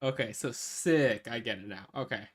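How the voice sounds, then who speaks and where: A player in a tabletop game, joking and quick to laugh. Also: mid-range voice, no echo, clean studio sound. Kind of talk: casual tabletop play.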